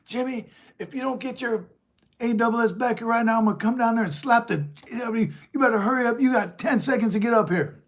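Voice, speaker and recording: A man's voice: extremely high pitch, fairly quick, pitched above the performer's own voice. A man voicing a stern older sister who threatens a little boy in a bossy tone. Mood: threatening.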